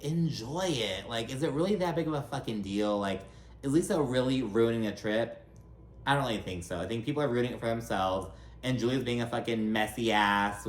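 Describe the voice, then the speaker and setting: In an echoey room, a man with a mid-range voice hosts a casual reality TV recap. He's chatty and blunt, uses lots of fillers and swearing, and acts out the cast members' lines.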